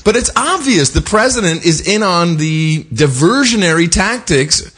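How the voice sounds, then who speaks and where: A man hosting a podcast, talking in a rambling, animated, self-correcting way. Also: high-pitched, unhurried, husky. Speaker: podcast host. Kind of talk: casual chat.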